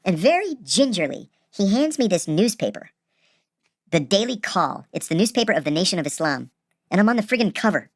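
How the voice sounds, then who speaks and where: A man casually telling a personal story, animated and acting out the people he quotes. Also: high-pitched, a little fast, no room sound, clean studio sound. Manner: animated, acts out quoted voices.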